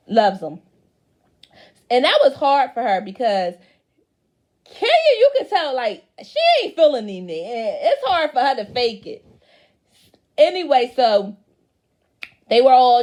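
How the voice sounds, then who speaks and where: A woman's voice: mid-range voice, darkish tone. A woman giving a casual, blunt recap of a reality show, with slangy speech and frequent swearing.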